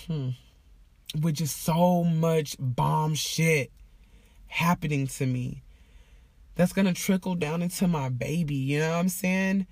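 A woman's voice: low-pitched, slow pace, darkish tone, no room sound. Woman vlogger, heartfelt and casual, swears easily, dead dry recording. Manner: emotional, heartfelt, profane and casual. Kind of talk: candid personal vlog talk.

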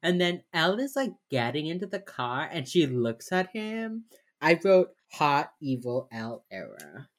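A young woman with a low voice that swings widely in pitch as she recaps an episode. She chats casually and slips into quick impressions of the characters while she retells scenes. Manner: animated, acts out characters' lines while retelling. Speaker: podcast co-host recapping a TV episode. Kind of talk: casual chat.

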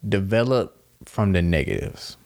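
A man's voice: low voice, a little slow, a little mellow. A man talking casually and reflectively, laughing at himself and acting out little quoted exchanges. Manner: laid-back, laughs at himself, acts out quotes.

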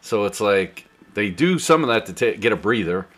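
Man, middle-aged, lowish voice, hosting a casual sports chat, relaxed, laughs often. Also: moderate pace.

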